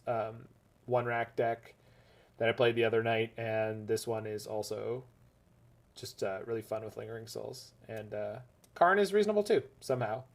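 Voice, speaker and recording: A man of middle pitch gives loose, casual commentary on his card game matches. He rambles and jokes, laughing often. His energy jumps from excited high bursts down to low, half-swallowed mutters. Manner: swings between bursts of enthusiasm and low muttering. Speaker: gaming streamer.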